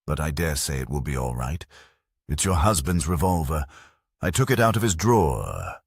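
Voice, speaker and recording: An unhinged young killer with a childish grudge gloats over his plans, as a narrator puts him on. The voice is very deep and husky, recorded dry and close. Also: very animated, normal speed, no echo, full character voice. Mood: gleeful.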